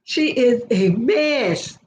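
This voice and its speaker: A woman's voice: a little high, animated, extremely slow, a little mellow, echoey room, poor audio. An older woman telling stories to viewers in a chatty live video, laughing often. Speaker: vlogger. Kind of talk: casual live chat.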